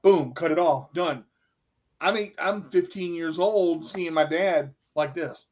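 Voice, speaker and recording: A middle-aged man with a fairly high voice tells a personal story as a radio host. He is emotional and repeats himself, stopping and restarting his sentences. The recording sounds dull and lo-fi. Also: slow pace, background noise. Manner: emotional, repetitive, restarts often.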